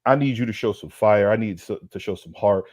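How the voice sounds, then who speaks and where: A low-voiced man with a darkish tone talks fairly quickly on a sports podcast he co-hosts, and the studio-quality recording has no room sound. He launches into a heated, profane roast, fired up and heavy on streetwise slang, hammering lines by repeating them.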